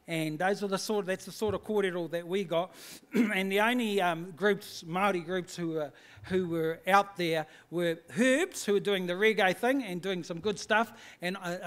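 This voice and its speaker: A man's voice: high-pitched, fairly bright tone. A man with a New Zealand accent giving a blunt, joking acceptance speech with lots of hesitations. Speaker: band manager giving a speech.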